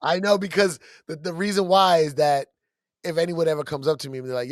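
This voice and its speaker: A man from New York with a New York accent, co-hosting a podcast and telling stories in an animated way. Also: a little high, fairly quick, dry recording, clean studio sound. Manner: animated storytelling, acts out quotes. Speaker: podcast co-host. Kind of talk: casual chat. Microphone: studio podcast mic.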